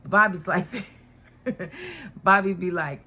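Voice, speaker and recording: A woman giving a casual, chatty recap of a TV drama episode, animated and full of rhetorical questions. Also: on the low side, moderate pace. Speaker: TV show reviewer.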